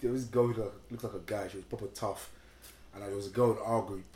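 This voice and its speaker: A man's voice: lowish voice, steady tone, fast, a little mellow. A young man with a London accent telling stories in a casual chat, full of slang and fillers. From England. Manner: slangy storytelling with many fillers. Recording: echoey room with faint background noise.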